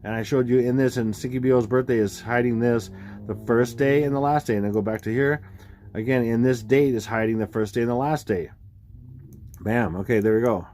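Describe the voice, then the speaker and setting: A man explaining dates and numbers on screen in a rambling, excitable way, full of fillers and sudden exclamations. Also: mid-range voice, brisk, slight background noise. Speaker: video creator explaining number theories. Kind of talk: casual screen-share commentary.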